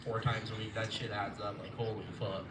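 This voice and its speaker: A man's voice: lowish voice, little pitch movement, a little fast. Rambling, profane young man doing stand-up. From Florida. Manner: rambling, profane, loses his train of thought. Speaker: stand-up comedian. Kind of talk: live stand-up set. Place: live comedy venue. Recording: echoey room, mic at a distance, noisy.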